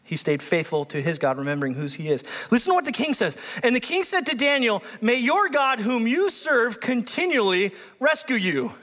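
High, bright-voiced animated preacher man. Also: moderate pace, hardly any pauses, big-room sound. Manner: animated, excitable, acts out biblical characters with voice shifts; reads scripture aloud with commentary. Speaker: pastor. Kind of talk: sermon.

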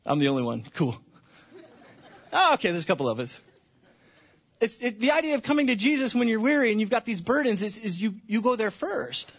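A man preaching a sermon to his congregation, passionate, dropping to hushed tones and then rising to near-shouts. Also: sits high, big pitch swings, brisk, pauses often, breathy edge, muffled recording. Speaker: pastor.

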